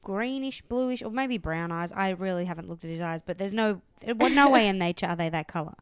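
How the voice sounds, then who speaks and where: Clear woman rambling earnestly. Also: medium pitch, animated, brisk, dry recording, studio quality. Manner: rambling, earnest, many fillers. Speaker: podcast co-host. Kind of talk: casual recap chat.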